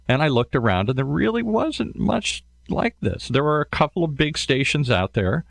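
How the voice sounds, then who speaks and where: A middle-aged man talking casually as a radio show guest, telling his story in an animated way. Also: a little high, moderate pace, creaky, few pauses, no echo.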